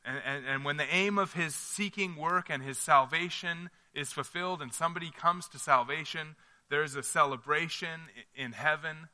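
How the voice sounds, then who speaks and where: A man's voice: a little high, sharp tone, in a large hall. A man preaching a sermon as pastor, earnest and conversational, often restarting his phrases.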